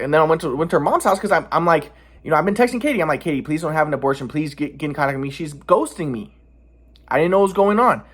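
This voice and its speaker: A man's voice: on the high side, a bit bright. A man telling a personal story casually, rambling with many restarts and defensive repetitions. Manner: agitated, defensive. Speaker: vlogger.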